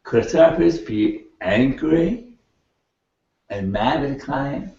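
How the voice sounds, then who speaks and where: An older man lecturing a class in an animated way, laughing and checking in with his students as he goes. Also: mid-range voice, slow pace. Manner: animated, laughing, keeps asking the class "right?". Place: lecture room. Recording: echoey, distant, dull room recording.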